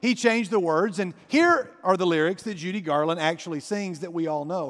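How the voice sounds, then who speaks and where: A man with a notably high voice tells a story from the pulpit. He talks to his congregation in a chatty, conversational way. His voice rings out with a long reverb. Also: moderate pace, fairly bright tone. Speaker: pastor. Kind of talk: sermon storytelling.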